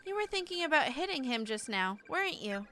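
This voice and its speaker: A woman's voice: high voice, very animated, fairly quick, a bit bright, slight background noise, pitched above the performer's own voice. A woman voicing an earnest teenage schoolgirl who serves as class representative and talks in an impassioned, lecturing way.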